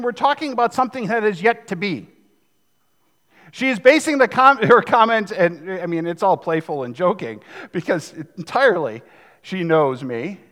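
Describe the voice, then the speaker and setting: A man's voice: sits high, fairly bright tone, long reverb tail. A man in his fifties preaching a sermon as pastor, in a conversational, joking manner. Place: church sanctuary.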